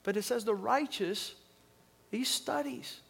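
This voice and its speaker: A man preaching a sermon as pastor, calling on the congregation to repeat lines and swinging from quiet reflection to loud emphasis. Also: very high voice, takes it slowly, gravelly, husky. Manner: preaching with call-and-response, swings from soft to loud.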